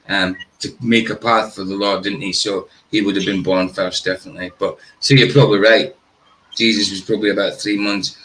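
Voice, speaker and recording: A man's voice: on the low side, fairly bright tone, a little hiss or hum, low-quality recording. A man chatting casually and teasing people while reacting to a video. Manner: joking, teasing, playful sing-song. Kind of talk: casual banter.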